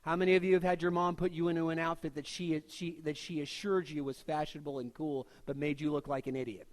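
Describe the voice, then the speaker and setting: A man with a fairly high voice preaches a sermon in an easygoing, conversational way. He jokes with the congregation and drops into short voiced asides between scripture readings. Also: fairly even intonation, quick pace. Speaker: pastor.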